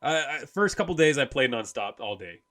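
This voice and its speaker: A man's voice: medium pitch, big pitch swings, moderate pace, sharp tone. A man co-hosting a casual podcast, mostly giving short replies and the odd dry quip. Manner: laid-back, short backchannel replies and dry quips. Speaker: podcast co-host. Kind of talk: casual chat.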